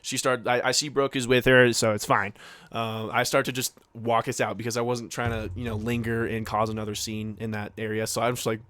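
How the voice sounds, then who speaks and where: A man's voice: medium pitch, flat delivery, a little fast, a bit bright. A young man co-hosting a podcast, telling a story in a casual, rambling way full of fillers and acted-out quotes. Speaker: podcast co-host.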